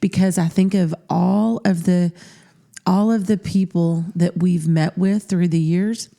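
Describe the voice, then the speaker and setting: A woman's voice: fairly low pitch, fairly even intonation, unhurried, creaky, mellow. A middle-aged woman co-hosting a marriage podcast, talking in an earnest, reflective way with lots of "you know" fillers. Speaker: podcast co-host. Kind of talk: casual conversation.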